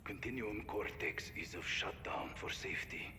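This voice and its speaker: A man's voice: lowish voice, normal speed, a crowd in the background, lightly acted. An actor with a Russian accent voicing a stern male telepathic space dog who talks in clipped, broken sentences, heard in game audio. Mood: grave. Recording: game audio, long reverb, hiss.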